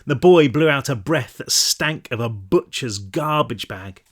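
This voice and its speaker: A man narrating his own novel in a measured reading, now and then dropping into relaxed asides to his listeners. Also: medium pitch. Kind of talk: audiobook-style read-through.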